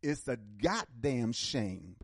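A man's voice: mid-range voice, sing-song, slow pace, no room sound, clean studio sound. A man hosting a call-in radio talk show, speaking emphatically and animatedly, often repeating words as he builds a point.

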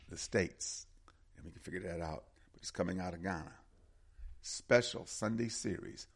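A man's voice: low voice, gravelly, slightly rough. A man hosting community announcements, talking casually and repeating the details and phone numbers. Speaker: community radio host. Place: Atlanta area.

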